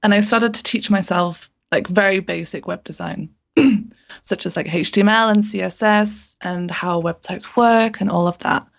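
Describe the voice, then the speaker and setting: A young woman guesting on a podcast, talking warmly and enthusiastically about her career. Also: mid-range voice, moderate pace, creaky, muffled recording. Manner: warm, enthusiastic, a few ums. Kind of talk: interview conversation.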